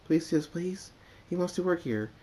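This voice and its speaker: A man voicing an excitable young filly pony, high and squeaky, tearful and pleading. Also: normal speed, close to an everyday voice.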